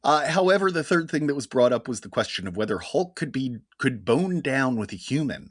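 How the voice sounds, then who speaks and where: A man co-hosting a podcast, reading listener mail in a dry, deadpan, casual way. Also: medium pitch, brisk, no room sound. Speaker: podcast co-host. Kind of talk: casual chat.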